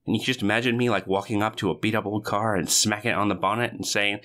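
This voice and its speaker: A man guesting on a podcast, playful and animated, swearing for effect. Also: fairly low pitch, fast talker. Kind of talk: casual podcast chat.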